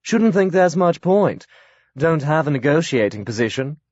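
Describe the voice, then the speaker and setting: A man's voice: on the high side, sing-song, normal speed, darkish tone, no echo, voice pushed up. A man voicing a brusque, aloof older upper-class woman who talks in clipped sentences. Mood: curt. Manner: clipped, drops subjects from sentences. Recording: dry, slightly dull audiobook recording.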